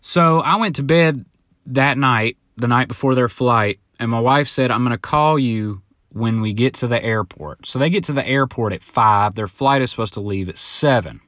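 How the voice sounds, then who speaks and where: Rambling, swearing podcast host with a dry sound. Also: male voice, medium pitch, moderate pace, a bit bright, dry recording. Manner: rambling storyteller, swears freely, acts out other voices in quotes. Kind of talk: casual solo podcast monologue. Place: home, now living in Southern California.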